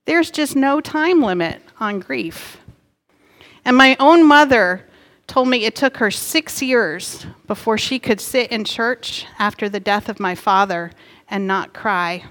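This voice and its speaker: A woman pastor in middle age delivers a sermon from a church sanctuary. Her voice sits a little high and her preaching is earnest and gently emphatic. The sound carries a long, hall-like reverb. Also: takes it slowly.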